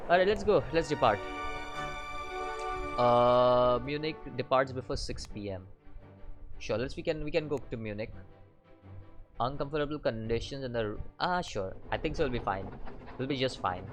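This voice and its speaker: A man's voice: medium pitch, lively intonation, music in the background, rough recording. Casual man reading game text aloud. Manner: halting reading with frequent fillers and restarts. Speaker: gaming channel host.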